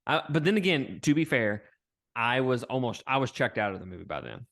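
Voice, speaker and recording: A man's voice: mid-range voice, big pitch swings, brisk, vocal fry, fairly bright tone. A man co-hosting a podcast, chatting bluntly about a film and laughing often. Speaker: podcast co-host. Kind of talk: casual movie review chat.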